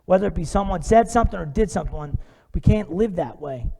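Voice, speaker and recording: A man's voice: high-pitched, animated, a little fast, creaky, warm tone, breathy edge. A man preaching a sermon in a church, talking conversationally with rhetorical questions and everyday asides. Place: church sanctuary. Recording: long hall reverb.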